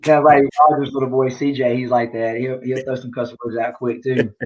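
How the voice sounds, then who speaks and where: A man's voice: medium pitch, little pitch movement, fairly quick, a little hiss or hum. Male guest, easygoing and plain-spoken, muffled audio. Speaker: guest, fighter and army veteran. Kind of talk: casual chat.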